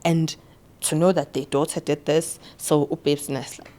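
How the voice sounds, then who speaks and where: Brief: young South African woman, low voice, isiZulu-flavored English, halting interview storytelling with stammered restarts. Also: steady tone, mellow. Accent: South African, mixing isiZulu and English. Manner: switches between English and isiZulu mid-sentence. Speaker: podcast guest.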